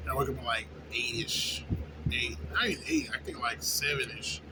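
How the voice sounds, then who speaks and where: A young man who works at a fast-food place, venting in a casual, profane, rambling way and often asking "you know what I'm saying?". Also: medium pitch, fairly even intonation. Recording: noisy background with vehicle sounds.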